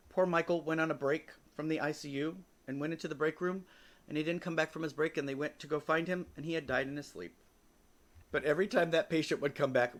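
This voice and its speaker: A man's voice: fairly high pitch, a bit bright. Wry, candid man telling stories. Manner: candid and wry, with casual swearing. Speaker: podcast host. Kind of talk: casual personal storytelling.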